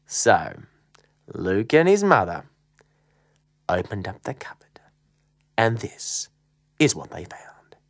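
A woman telling a children's story in a slow, playful, very expressive way. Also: rumbling low, creaky, breathy edge, no echo, studio quality.

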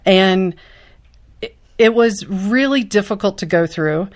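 A woman's voice: medium pitch, takes it slowly. A woman guest speaking candidly and earnestly in an interview, a mother of a child with special needs. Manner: earnest, heartfelt, lively retelling.

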